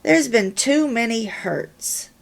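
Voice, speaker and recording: A woman reading the part of a hurt husband who speaks hesitantly and haltingly. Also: a little high, animated, vocal fry, heavily acted. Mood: hurt, earnest. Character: remorseful husband, a working man.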